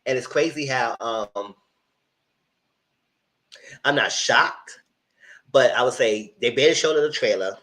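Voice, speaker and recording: A man giving casual, animated commentary on reality TV, voice only, speaking straight to his viewers in slangy talk. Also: mid-range voice, measured pace, pauses often, rough recording. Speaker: TV review host. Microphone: voice only, no camera.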